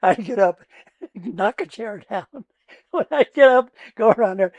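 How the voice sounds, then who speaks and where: An older man with a Midwestern American accent, a retired trial lawyer telling courtroom stories in a casual interview, laughing often and acting out his own shouting. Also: sits high, lively intonation, normal speed, no room sound, dull audio.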